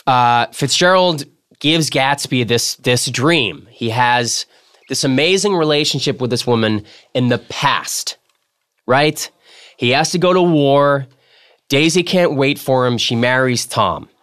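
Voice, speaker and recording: A man's voice: mid-range voice, unhurried, fairly bright tone, clear, resonant tone. A man hosting a casual book-club podcast, talking animatedly with many restarts and reading passages aloud. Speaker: podcast host.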